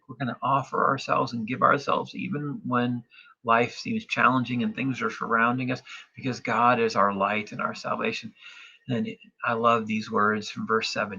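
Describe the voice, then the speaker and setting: A man's voice: mid-range voice, level tone, pushed and bright, breathy edge, highs cut off. Man leading a meditative online sermon. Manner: slow, meditative reading with pauses and invitations to breathe. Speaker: pastor. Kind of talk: sermon with scripture reading.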